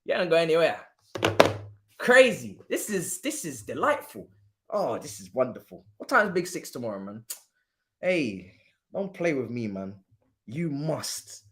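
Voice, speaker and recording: Animated man ranting at rivals. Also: medium pitch, a little slow. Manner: animated, mocking rival fans. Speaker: watchalong streamer. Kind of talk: football watchalong rant.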